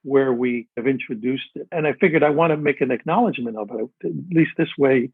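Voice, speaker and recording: An older man, a guest, telling relaxed, self-deprecating stories in casual interview chat. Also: medium pitch, quick pace, slightly rough, dry recording. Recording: dry tinny phone-like line.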